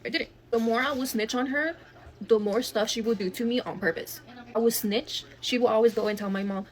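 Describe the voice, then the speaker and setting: A woman rattles off a family drama at a quick clip, swearing freely and slipping Spanish phrases into her English. Her delivery is blunt and unfiltered, a storytime monologue. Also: on the high side.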